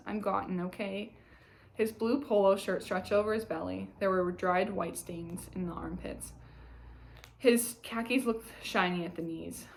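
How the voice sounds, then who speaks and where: Woman reading aloud with gravelly fry. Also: on the low side, slight background noise, rough recording. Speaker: audiobook reader. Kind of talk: read-aloud narration.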